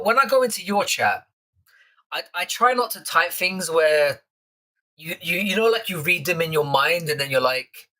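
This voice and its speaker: A man's voice: a little high, pushed and bright. A young man with a London accent hosting a live stream chat, casually swearing and teasing the viewers in his chat.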